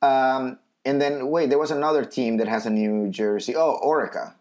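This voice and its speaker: A man's voice: mid-range voice, normal speed, a little mellow. A man co-hosting a podcast in casual chat, joking and sarcastic. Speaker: podcast co-host.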